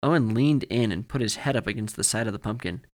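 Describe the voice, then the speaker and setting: A man narrating a scripted horror story for a podcast in a measured, steady way. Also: fairly low pitch.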